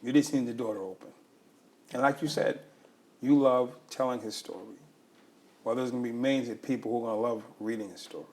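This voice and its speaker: A man's voice: medium pitch, brisk, darkish tone. A man hosts a podcast in a conversational way, with a mid-range voice. He cheers his guest on with upbeat encouragement. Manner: encouraging, hype-man energy. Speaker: podcast host. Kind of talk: conversational interview.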